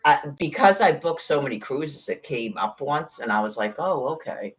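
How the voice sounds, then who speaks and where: A woman's voice: very deep voice, expressive, normal speed. A middle-aged woman in casual chat, rambling, blunt and profane, with sarcastic asides. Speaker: podcast host.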